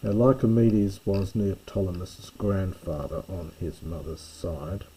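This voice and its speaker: Slow, dark-voiced male lecturer. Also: sits low, steady tone, a little hiss or hum, rough recording. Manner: careful and explanatory, pauses to correct himself. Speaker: lecturer reading a Greek play. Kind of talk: slow scholarly close reading.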